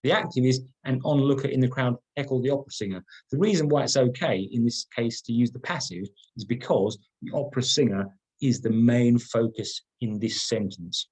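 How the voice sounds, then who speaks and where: A man's voice: mid-range voice, brisk, a little mellow, slightly rough, rough recording. A middle-aged man leading an online training workshop, talking conversationally, repeating words and stressing key points. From England.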